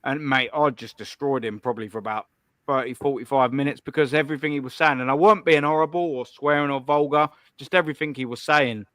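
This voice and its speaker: A man's voice: mid-range voice, fairly even intonation, fast talker, a bit bright, dry recording. A young man hosting a live call-in stream, ranting bluntly and profanely in a combative way.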